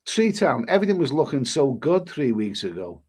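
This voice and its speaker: A man's voice: mid-range voice, big pitch swings, normal speed, a little mellow, husky. A man hosting a travel live stream, reading viewer comments aloud and rambling in an exasperated way. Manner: rambling, exasperated, swears mildly.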